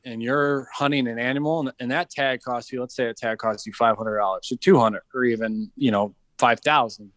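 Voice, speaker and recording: Animated storytelling man, dry sound. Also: medium pitch, brisk, few pauses, no room sound. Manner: animated storyteller, acts out quoted voices. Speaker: podcast guest, veteran entrepreneur. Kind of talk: casual storytelling chat.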